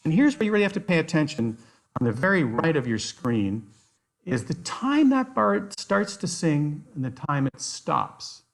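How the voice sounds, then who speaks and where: Animated man leading a nature workshop. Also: fairly high pitch, normal speed, creaky. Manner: enthusiastic, animated storytelling. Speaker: outdoor educator, workshop presenter. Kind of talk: online workshop presentation.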